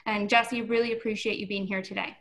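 A woman's voice: mid-range voice, flat delivery, a little fast, a bit bright. A woman hosting a wine webinar over a video call, introducing her guest in a welcoming way. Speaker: host.

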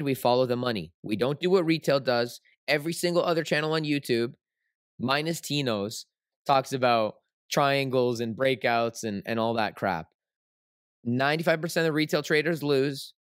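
A man's voice: mid-range voice, dry recording, clean studio sound. A man hosting a trading livestream, teaching in a casual, rambling way with lots of fillers and tag questions.

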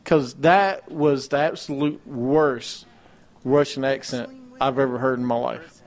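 A man's voice: mid-range voice, fairly even intonation, unhurried, a little mellow. A man co-hosting a casual wrestling talk show, rattling off match cards and ranting with mocking disbelief. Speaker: podcast co-host.

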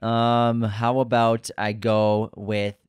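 A man's voice: lowish voice, flat delivery, slow, a little mellow, clear, resonant tone, dry recording. A man co-hosting a podcast in casual chat, joking around and dithering over his choices. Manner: playful and dithering. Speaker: podcast co-host.

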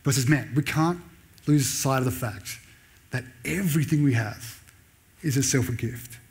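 A man preaching a sermon in a church, raising his voice sharply when he reads out sarcastic lines. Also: normal speed. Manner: animated preaching, pitch jumping up when voicing Paul's sarcasm. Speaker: pastor.

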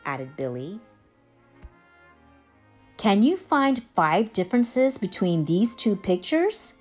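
Slow, lively woman reading a storybook. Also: mid-range voice, faint music behind. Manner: expressive, slow and lively read-aloud. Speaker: storybook reader. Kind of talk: reading a children's picture book aloud.

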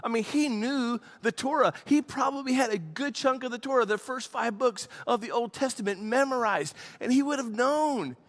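A man, a pastor, preaching a sermon and telling a story with lively acted-out quotes. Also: extremely high pitch. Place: church.

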